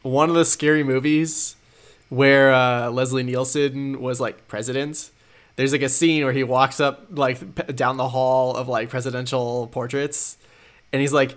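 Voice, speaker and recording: A man's voice: medium pitch, steady tone, moderate pace, fairly bright tone. A young man co-hosting a casual podcast, laid-back and swearing. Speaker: podcast co-host. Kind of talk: casual chat.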